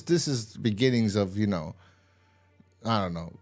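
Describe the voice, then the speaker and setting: A man's voice: fairly low pitch, unhurried, long pauses, a little mellow. A man casually recapping a TV episode, rambling and swearing, with exasperated asides. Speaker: TV episode reviewer.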